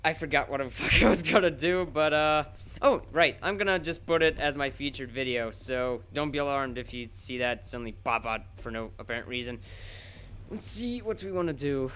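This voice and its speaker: A young man giving live gameplay commentary, excitable and rambling, swearing freely and poking fun at himself. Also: medium pitch, normal speed, a little hiss or hum. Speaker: gaming channel host.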